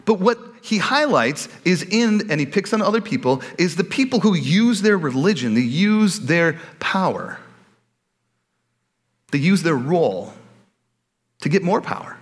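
A man's voice: sits high, very animated, a little slow. A man preaching a casual, joking sermon as a pastor, often slipping into put-on voices for quoted people. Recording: long hall reverb.

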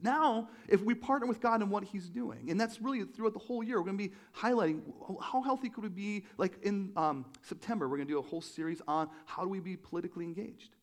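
A male pastor giving a conversational sermon to his congregation, animated and full of joking asides. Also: fairly high pitch. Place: church room with a congregation.

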